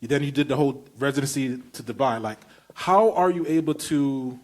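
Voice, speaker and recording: A man's voice: mid-range voice, moderate pace. A man with a Brooklyn accent hosting a podcast, eager and emphatic, with loose, slangy phrasing. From Brooklyn, New York. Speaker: podcast host. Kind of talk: casual podcast conversation.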